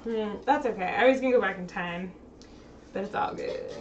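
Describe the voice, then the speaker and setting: A woman's voice: mid-range voice, moderate pace, highs cut off, noisy background. Chatty woman hosting a stream at home. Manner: chatty, laughing, talking to chat while fixing tech. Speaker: streamer host. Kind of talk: casual live-stream chat.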